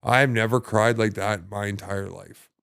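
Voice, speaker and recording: Brief: man, podcast guest, lowish voice, swears freely, stumbles and restarts, dry close sound. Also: fairly even intonation, creaky, fairly bright tone, clean tone, no echo. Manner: halting, profane, many restarts and fillers. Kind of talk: casual conversation.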